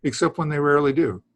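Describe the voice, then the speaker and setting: Slow, rambling male Greek teacher. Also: medium pitch, dry recording. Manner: rambling, self-interrupting, with chuckles. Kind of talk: classroom lesson. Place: class with students in the room.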